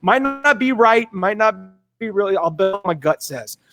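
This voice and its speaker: High-voiced energetic man telling stories. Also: faint music behind. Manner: energetic, fast-talking, acts out voices in anecdotes. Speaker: guest. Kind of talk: casual storytelling in a talk.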